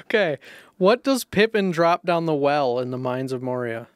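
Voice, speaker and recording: Young male quizmaster, smooth and resonant, close dry mic, dry teasing delivery. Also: fairly high pitch, moderate pace, dry recording. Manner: teasing, dry, reads questions calmly. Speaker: podcast co-host, quizmaster. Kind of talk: casual podcast banter.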